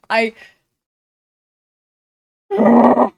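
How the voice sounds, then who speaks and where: A woman streaming a game, reacting excitably with swearing, rants and laughter. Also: high-pitched, a little slow, no room sound, studio quality. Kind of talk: let's play commentary.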